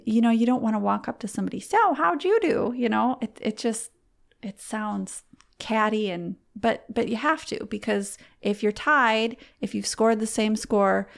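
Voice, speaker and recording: A middle-aged woman, a guest on a podcast, telling a personal story in a heartfelt, halting way with frequent restarts. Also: medium pitch, fairly even intonation, vocal fry. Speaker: podcast guest, competitive archer.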